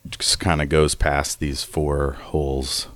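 Male game master, rambling narration, very deep, dry close mic. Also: flat delivery, slow pace, fairly bright tone, dry recording. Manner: rambling, many fillers and restarts.

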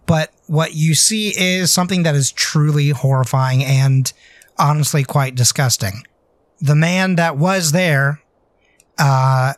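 A man's voice: on the high side, no echo. A man running a tabletop game as game master, narrating loosely with many hesitant fillers.

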